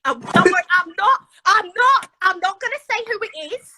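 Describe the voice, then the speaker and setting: A British woman with a very high, bright voice tells a story in casual chat. She is chatty and dramatic and acts out the other voices in her tale. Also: lively intonation, moderate pace, slight background noise, low-quality recording. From Britain. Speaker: guest.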